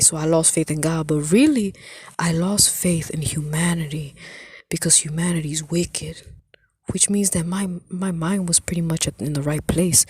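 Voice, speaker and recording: Low, husky woman giving a testimony. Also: a little mellow, dry recording, studio quality. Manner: earnest, heavy on "you know", drops into whispers. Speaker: vlogger giving a faith testimony. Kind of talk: casual spoken testimony.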